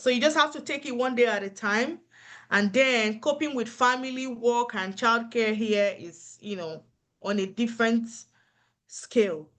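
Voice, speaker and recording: A woman with a fairly high voice speaks earnestly to fellow nurses. She encourages them and repeats her key points, like a mentor sharing hard-won advice. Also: fairly bright tone. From Africa. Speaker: nurse giving career advice. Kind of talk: motivational advice talk.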